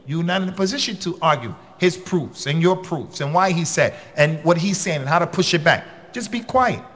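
A man's voice: lively intonation, moderate pace, few pauses, fairly bright tone. Emphatic man preaching bluntly. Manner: emphatic, with sudden rises in pitch; blunt and conversational. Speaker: preacher and khatib. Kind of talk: lecture to a congregation.

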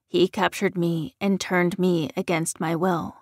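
A woman's voice: lowish voice, flat delivery, measured pace, no echo, clean studio sound. A woman voicing a young man, a blunt and brave wolf shifter, giving curt orders in an audiobook. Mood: urgent. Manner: commanding, curt.

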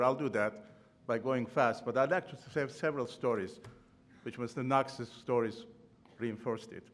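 A man's voice: mid-range voice, moderate pace. An older man with a non-native English accent gives a eulogy at a memorial. He tells humorous personal anecdotes and chuckles, with slightly non-native grammar, speaking at a podium microphone. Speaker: memorial speaker, former professor and trustee. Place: large ballroom at a podium.

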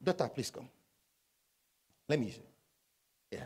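Slow and animated, a pastor with a medium-pitched, darkish, slightly rough voice delivers a church sermon. He reads scripture and asks the congregation questions, inviting them to respond in call-and-response.

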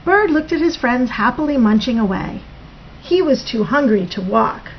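A woman reads a children's picture book aloud to a young listener with plenty of expression. Her voice is fairly high and very lively, with a gravelly edge. The lo-fi recording sounds dull, with faint background noise. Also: moderate pace. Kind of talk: read-aloud storytelling.

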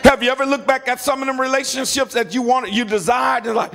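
A man's voice: extremely high pitch, fast talker, few pauses, bright, forceful tone. A middle-aged male pastor preaching a sermon, emphatic, repeating words and calling on the congregation to respond. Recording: long hall reverb.

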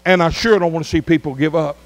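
A middle-aged man preaching a revival sermon as pastor, with drawn-out emphatic phrases. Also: fairly high pitch, steady tone. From Arkansas.

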